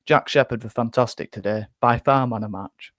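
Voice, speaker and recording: A man's voice: mid-range voice, normal speed, a bit bright, no echo. A man hosting a live fan reaction, talking bluntly with many restarts and a little out of breath. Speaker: fan channel host.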